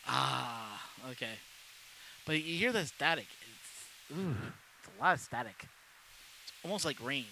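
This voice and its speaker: A man's voice: medium pitch, expressive, a little slow, gravelly, pushed and bright, slight background noise, rough recording. A middle-aged man from Canada, rambling casually as he tests a cheap wireless microphone for his maker livestream. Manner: rambling, chatty, jokey. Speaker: maker channel host. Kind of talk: casual mic test livestream.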